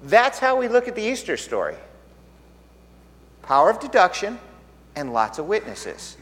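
A man preaching a sermon in an animated, conversational way, often asking rhetorical questions. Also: high voice, brisk. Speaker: pastor. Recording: echoey hall.

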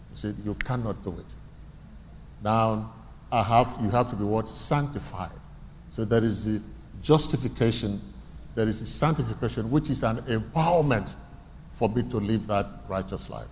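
A man's voice: fairly low pitch, moderate pace, a little hiss or hum. A man preaching a sermon in a church hall. He asks the congregation questions and repeats his key phrases. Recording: long reverb from a hall, faint ambience.

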